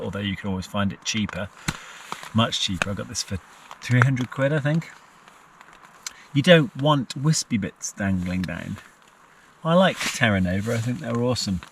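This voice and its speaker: Man vlogging from a tent. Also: mid-range voice. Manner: chatty, talks fondly to his dog in a sing-song voice. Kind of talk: casual camping vlog. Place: inside a small tent in a forest. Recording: distant mic with clear background noise. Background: rain and outdoor noise.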